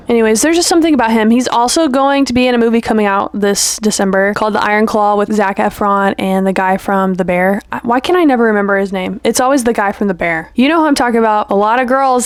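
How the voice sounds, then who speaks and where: A woman's voice: fairly high pitch, no echo, studio quality. A young adult woman vlogging in a casual, playful chat, gushing and peppering her talk with "like" and "you know".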